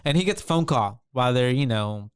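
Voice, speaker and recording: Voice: medium pitch, lively intonation, fairly quick, smooth, no room sound, studio quality. A podcast co-host casually recapping a movie, rambling with lots of fillers.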